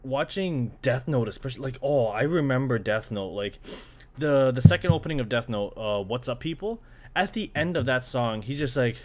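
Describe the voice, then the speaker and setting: Here the Canadian anime fan's mid-range voice is expressive and quick as he casually rants about how anime gets translated. Swearing and "like" fillers run throughout, and he sometimes slips into mocking impressions.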